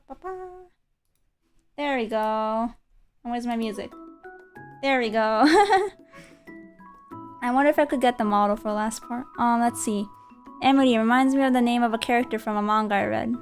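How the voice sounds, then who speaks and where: Young woman streamer, slightly high-pitched and giggly, casual late-night chat at a home desk mic. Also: normal speed, long pauses, soft background music. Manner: giggly, laughs often between lines. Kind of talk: casual game livestream chat.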